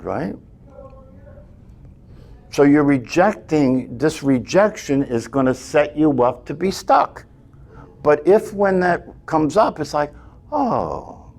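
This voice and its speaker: A man's voice: a little high, gravelly, a little mellow. A man teaching a meditation class, talking earnestly, often checking in with "right?" and restarting his phrases.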